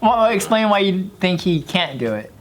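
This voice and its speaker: A man's voice: high-pitched, sing-song, normal speed, heavy background noise. A man hosting a casual panel chat, talking hesitantly with many fillers. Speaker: host.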